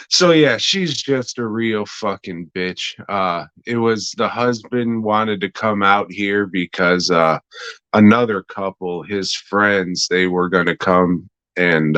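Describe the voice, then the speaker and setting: A young podcast host casually reviews a TV episode in a low, slow, fairly bright voice, laid-back and meandering and swearing a lot. There's no echo, but the audio is dull.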